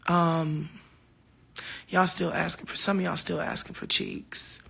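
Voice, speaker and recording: Deep, creaky and slightly rough, a woman's voice moves at a measured pace in a casual phone livestream for fans. She swears freely and tells heartfelt, candid stories, animatedly voicing the back-and-forth.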